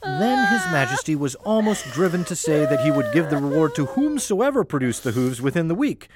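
A man's voice: on the high side, very animated, fairly quick, very noisy. A man narrating a fairy tale in a wry, playful storytelling manner over faint music.

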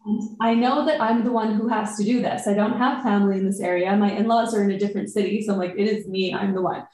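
A woman chatting casually on a podcast, telling an animated story and acting out her own inner thoughts. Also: medium pitch, fast talker, very echoey, low-quality recording. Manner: animated storytelling, quotes herself.

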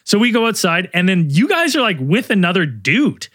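A man with an ordinary mid-pitched voice narrates a trip in a rambling way, full of "uh" and "like". The recording is close and dry. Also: very animated, moderate pace, a bit bright, dry recording. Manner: rambling, filler-heavy, laughing. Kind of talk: casual storytelling chat.

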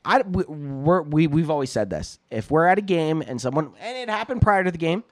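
A loud young man from Canada with a high-pitched voice, joking and cursing through a casual podcast chat. The sound is dry and close. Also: animated, a little fast, no echo. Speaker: podcast co-host.

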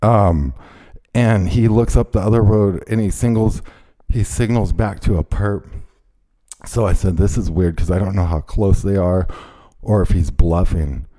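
A man with a low, dark, mellow voice tells a story in a heated, profane rush. He keeps breaking into loud acted-out quotes of what he shouted. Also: unhurried. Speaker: podcast host. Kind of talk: casual chat, storytelling.

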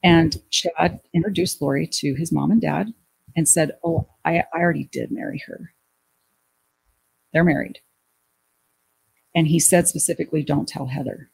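Husky, gravelly woman telling her story. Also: low-pitched, normal speed, pauses often. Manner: animated retelling, acting out quoted dialogue. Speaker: guest. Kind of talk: personal storytelling in an interview.

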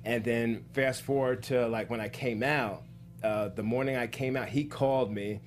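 A man chatting casually as a guest, telling lively stories and acting out the voices in them, stumbling over his words when excited. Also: mid-range voice, normal speed, soft background music. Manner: animated storyteller, acts out voices in anecdotes. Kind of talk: casual podcast chat, storytelling.

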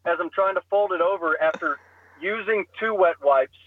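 A young man on a podcast telling a comic story in an animated way, acting out the voices. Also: sits high, normal speed, narrow, tinny audio, a little hiss or hum.

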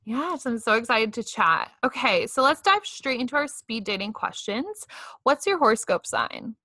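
A woman podcast host with a bright, fairly high voice, recorded dry and close. She chats warmly and effusively, affirming everything and laughing along with her guest. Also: big pitch swings, no echo. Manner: chatty, effusive, quick to agree and laugh. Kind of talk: casual podcast interview.

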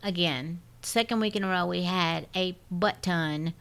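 A woman's voice: fairly low pitch, measured pace, fairly bright tone. A woman with a scratchy voice, co-hosting a podcast in casual, rambling chat. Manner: rambling, self-interrupting. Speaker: podcast co-host.

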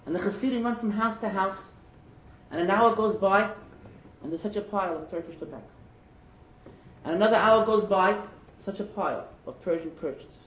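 A man preaching a sermon through stories, animated and climbing to shouted emphasis. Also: high voice, brisk, pauses often. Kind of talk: sermon storytelling. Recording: echoey and dull lo-fi.

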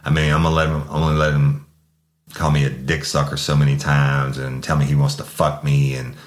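A man's voice: a bass voice, completely flat delivery, fairly quick, roomy sound. A man hosting a true-crime podcast, telling a story from his police career in a blunt, profane way. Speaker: podcast host, former officer.

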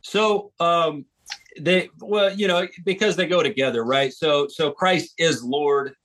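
An American man with a fairly high-pitched voice speaks earnestly as a guest on a podcast, an author and street preacher. He talks with emphatic conviction and often restarts phrases mid-thought. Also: takes it slowly, fairly bright tone. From United States. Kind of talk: podcast interview conversation.

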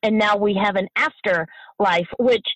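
A middle-aged bereaved mother, a guest in an emotional interview, speaking passionately and haltingly, repeating herself, at times near tears. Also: mid-range voice, dry recording, low-quality recording.

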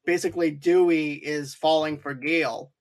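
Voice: medium pitch, fairly even intonation, normal speed. A co-host in a casual movie recap chat, talking in a rambling way with many filler phrases. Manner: rambling, repeats filler phrases like "too, though".

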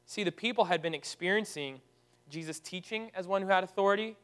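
A male pastor preaching a sermon in a conversational, animated way, with sudden loud outbursts. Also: high voice, fairly quick, clear, resonant tone.

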